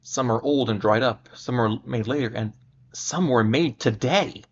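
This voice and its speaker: A man reading the lines of a perplexed ship's mate who mutters low. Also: measured pace, slightly rough. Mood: bewildered. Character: ship's mate, gruff adult man, uneasy. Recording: muffled lo-fi recording.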